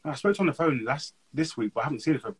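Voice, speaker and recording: A young man, chatting as an interview guest and telling animated, slangy stories. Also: fairly high pitch, racing, slightly rough, rough recording. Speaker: guest speaker. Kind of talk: casual interview chat.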